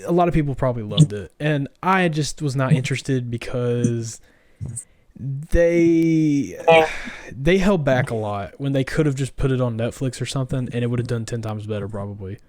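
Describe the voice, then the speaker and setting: Give me a casual male podcast co-host, rambling and filler-heavy, with a mid-pitched voice and a dry recording. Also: normal speed, darkish tone, no room sound. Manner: rambling, full of likes and ums. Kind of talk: casual chat. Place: home, on a live stream.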